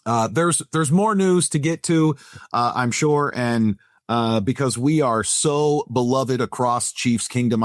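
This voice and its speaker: A man's voice: medium pitch, unhurried, no echo, clean studio sound. A man hosting a casual sports podcast, giving playful, mock-grand introductions. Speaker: podcast host.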